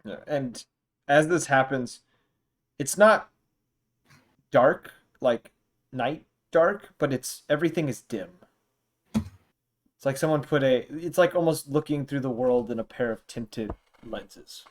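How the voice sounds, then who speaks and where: A young man running a tabletop game as dungeon master, narrating in a relaxed, meandering way with fillers. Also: mid-range voice, slow pace, long pauses, slight background noise.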